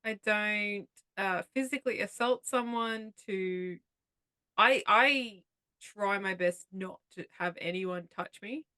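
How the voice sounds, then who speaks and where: A woman's voice: mid-range voice, slow, bright, forceful tone, clean tone, no room sound. A woman co-hosting a podcast in casual chat, making dry, sarcastic asides. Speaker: podcast co-host.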